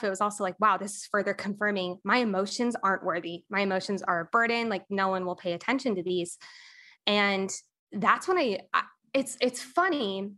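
A young adult woman, a podcast guest and coach, telling a painful personal story candidly, with many pauses and fillers. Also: mid-range voice, bright, forceful tone.

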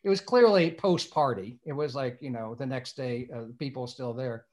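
An older screenwriter from Indiana, USA, appears as an interview guest and tells a long, meandering anecdote, repeating words each time he restarts. His voice is mid-range with a darkish tone, at a moderate pace.

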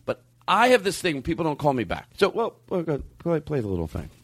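A middle-aged man hosting a comedy podcast, ranting in an exasperated, animated way with plenty of restarts and swearing. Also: on the high side, fast talker, no echo. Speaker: podcast host.

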